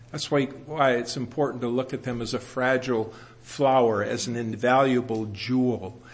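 A pastor in his sixties preaches a sermon earnestly in a medium-pitched voice. He slows down to stress scripture and adds gentle humor about himself.

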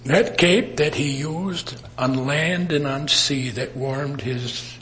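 A man preaching a sermon in an earnest manner, with emphatic rises and soft drops. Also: mid-range voice, takes it slowly, hardly any pauses, a little hiss or hum. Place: assembly worship.

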